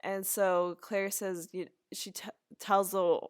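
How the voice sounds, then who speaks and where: A woman's voice: medium pitch, flat delivery, takes it slowly, clear, resonant tone, no room sound, clean studio sound. A woman hosting a podcast, chattily recapping a TV episode with asides and restarts. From Canada. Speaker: podcast host.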